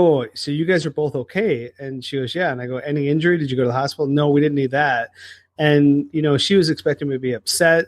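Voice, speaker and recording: A middle-aged man co-hosting a faith podcast, telling an earnest, animated personal story in casual conversation. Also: medium pitch, no room sound, clean studio sound. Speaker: podcast co-host.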